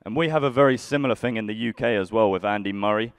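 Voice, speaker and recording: Young guy doing stand-up, grumpy dry banter, lowish smooth voice, close dry sound. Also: fast, no echo. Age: young adult. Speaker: stand-up comedian. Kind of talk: live stand-up with crowd work.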